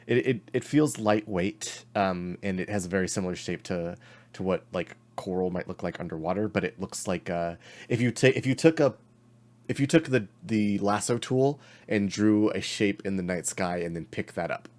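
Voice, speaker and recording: A man narrating a tabletop role-playing game as game master, laughing often and pausing on fillers. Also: deep voice, darkish tone.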